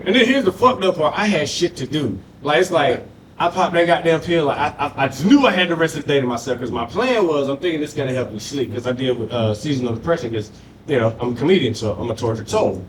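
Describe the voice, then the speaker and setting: A man's voice: a little high, expressive, fast talker, slight background noise. A man doing a loose, profane stand-up comedy set on a club stage, working the crowd. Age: adult with a grown daughter.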